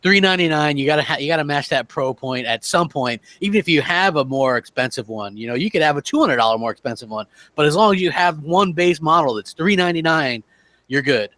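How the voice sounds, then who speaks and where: A man's voice: a little high, animated, brisk, a bit bright, no echo. Chatty male gaming show co-host. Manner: chatty, laughs often, lots of filler phrases. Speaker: podcast co-host. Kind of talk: casual gaming chat.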